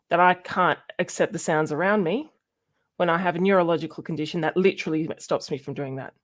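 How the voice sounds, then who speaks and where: A young Australian woman talks casually on a livestream, her voice sitting a little low. She rambles and stops often, with plenty of fillers as she works through her notes. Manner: rambling, halting with many fillers. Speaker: streamer. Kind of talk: casual livestream chat about science.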